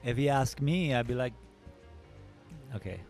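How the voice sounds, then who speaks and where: A man's voice: medium pitch, animated, measured pace, a little mellow. A laid-back man hosting a live drawing stream, rambling and joking with chat in a mid-range voice. Faint music plays behind him as he talks.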